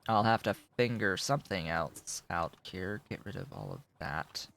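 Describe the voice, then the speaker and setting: A man's voice: deep voice, very animated, normal speed, gravelly, fairly bright tone. A man streaming a game, muttering offhand, dry remarks to himself as he builds. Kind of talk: casual gameplay commentary.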